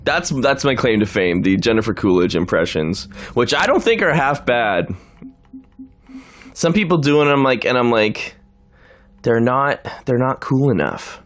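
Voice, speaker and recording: A man's voice: mid-range voice, a bit bright. A man from Canada chatting casually while he plays a video game, rambling, laughing often and slipping into impressions. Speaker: streamer playing a video game. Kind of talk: casual chat while gaming.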